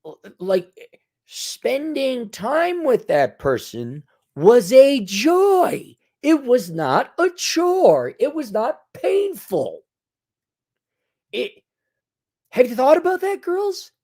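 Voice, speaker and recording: A man's voice: very high-pitched, huge pitch swings, very slow, a little mellow. A man hosting a solo commentary monologue, lecturing in a sarcastic, mocking way. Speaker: commentary channel host.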